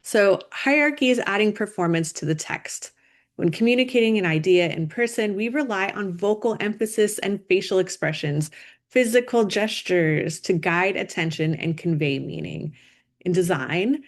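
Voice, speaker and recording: A woman with a fairly low voice delivers a recorded design lecture. She explains each point clearly and deliberately. She leans on key words for emphasis. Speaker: design instructor. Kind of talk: recorded lecture over slides.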